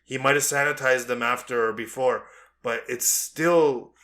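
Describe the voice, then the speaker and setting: A young man hosting a podcast, chatting casually and telling animated stories with acted-out quarrels. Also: medium pitch, a little slow. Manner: animated storytelling, acts out quarrels. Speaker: podcast host. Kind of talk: casual chat.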